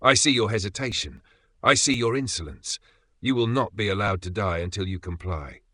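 A vain, boastful male dragon of a storybook , put on by a male narrator, booming out grand proclamations in a raised, bright-edged voice. The sound is dry and close, with no room around it. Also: normal speed, slightly rough, no room sound. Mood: grandiose.

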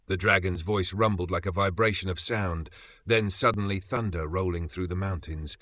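Low-voiced man narrating a fantasy tale. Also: moderate pace, a bit bright, dry recording. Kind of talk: scripted fantasy story narration.

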